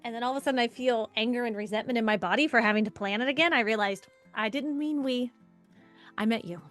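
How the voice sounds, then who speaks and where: Soft background music plays as a fairly high-pitched woman talks fast. She hosts a live online workshop casually and conversationally, full of chatty asides, bringing quoted lines to life in playful, animated voices.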